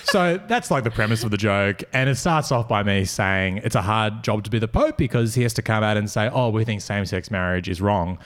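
A man's voice: fairly low pitch, brisk, few pauses, a bit bright. An Australian man hosting a podcast, telling stories in a casual, laughing way. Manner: laughing, storytelling. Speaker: podcast host. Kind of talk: casual chat.

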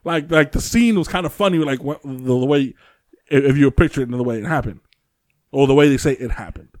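A man's voice: mid-range voice, a little fast, darkish tone, no room sound, clean studio sound. A man hosting a podcast, telling a story in casual chat, rambling with many fillers and restarts. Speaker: podcast host.

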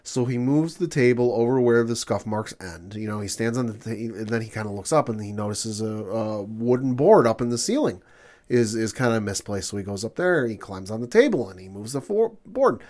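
A man's voice: on the low side, brisk. A man co-hosting a podcast, retelling TV scenes and acting out the dialogue. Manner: animated storyteller, acts out quotes. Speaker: podcast co-host. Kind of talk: casual TV recap discussion.

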